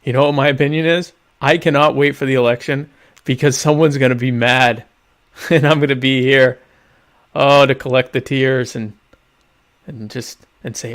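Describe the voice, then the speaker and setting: This podcast host's voice sits in the mid range, steady and fairly bright, at a normal speed. He's a young man running a laid-back live-streamed talk show, voicing viewer questions and replying in a dry, mock-grandiose way.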